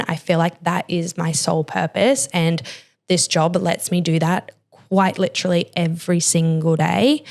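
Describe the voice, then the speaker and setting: Young woman, lowish voice, confessional podcast talk, lots of fillers. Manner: emotional, confessional, heavy use of "like". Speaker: podcast host. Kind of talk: candid personal podcast talk.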